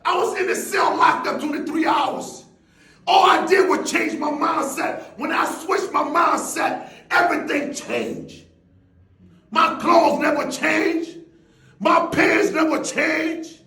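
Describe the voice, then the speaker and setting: A man with a very high voice delivers a motivational speech with intense, shouted energy. He fires off rhetorical questions one after another. The sound rings around an echoey room. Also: fairly even intonation, takes it slowly. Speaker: motivational speaker.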